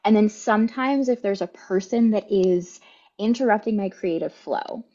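A woman's voice: medium pitch, moderate pace, mellow. A young woman talking candidly as a podcast guest, with lots of fillers and little laughs. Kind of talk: casual chat. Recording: dull, lo-fi sound.

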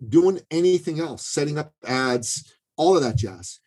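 A man's voice: fairly high pitch, animated, measured pace, a little mellow, poor audio. A man speaking as a guest in a podcast interview, coaching listeners on sales in an emphatic, pushy way with many asides and restarts.

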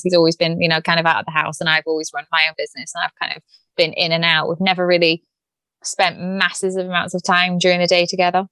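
A woman's voice: on the low side, a bit bright, no room sound. A British woman hosting a podcast interview, chatty, blunt and teasing with her guest. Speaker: podcast host.

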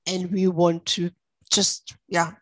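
A woman's voice: on the low side, little pitch movement, slow pace, dry recording. A woman practitioner explaining her method as an interview guest, reassuring and passionate.

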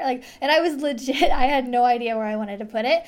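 A woman's voice: high voice, fast, a little mellow. A young adult woman hosting a casual solo podcast, chatty and rambling, with frequent giggles, fillers and restarts, close on a microphone. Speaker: podcast host. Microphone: studio microphone.

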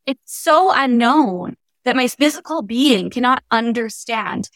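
A young adult woman, a spiritual life coach, talking earnestly and warmly about healing as a podcast guest. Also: on the high side, no room sound, clean studio sound. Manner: earnest, heartfelt, spiritual wording. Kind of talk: casual conversational interview.

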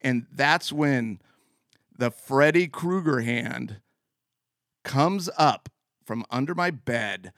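Animated man telling a comic story. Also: medium pitch, slow pace, long pauses, no room sound, studio quality. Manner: animated, laughs mid-sentence. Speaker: show host.

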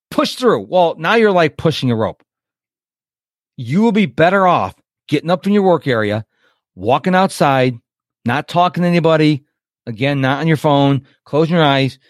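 A man hosting a live webinar as a coach, chatty and lively, acting out quotes and checking in with his listeners. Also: mid-range voice, dry recording, studio quality. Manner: chatty, animated, acts out quotes and checks in with "okay?".

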